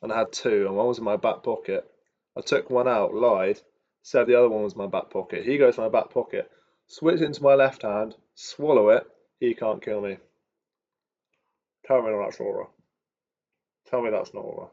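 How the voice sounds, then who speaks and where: Gravelly young man muttering to himself. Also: fairly low pitch, moderate pace, long pauses, darkish tone. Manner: mutters to himself, chatty asides. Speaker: day trader streaming live. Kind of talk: thinking aloud while trading. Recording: dull lo-fi recording.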